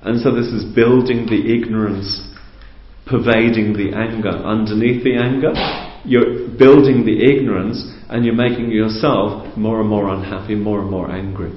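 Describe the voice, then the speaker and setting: Calm man teaching in a roomy hall. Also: lowish voice, moderate pace, a little hiss or hum. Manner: calm, conversational, explanatory, with rhetorical questions. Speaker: spiritual teacher. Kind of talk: teaching talk to a group. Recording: roomy, dull lo-fi recording.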